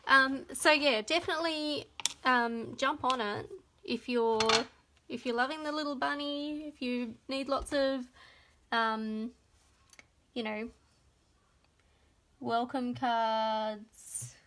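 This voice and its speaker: A woman's voice: high voice, fairly even intonation, slow pace, pauses often, bright, forceful tone, a little hiss or hum. An Australian woman giving a live crafting demonstration, chatting to viewers as she works. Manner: chatty, talks to viewers while working. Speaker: papercraft demonstrator.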